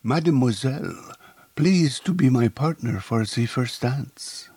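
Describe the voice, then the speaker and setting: A man's voice: mid-range voice, lively intonation, a little slow, a little mellow, no echo, voice pushed up. A man putting on a suave Frenchman. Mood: suave coaxing. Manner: smooth, coaxing and gallant. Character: suave French male skating escort, charming.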